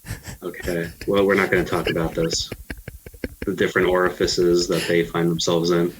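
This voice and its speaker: Thirties male co-host, very low voice, dry deadpan teasing. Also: normal speed, slight background noise, rough recording. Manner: deadpan, mock-serious teasing. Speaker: podcast co-host. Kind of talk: casual podcast chat.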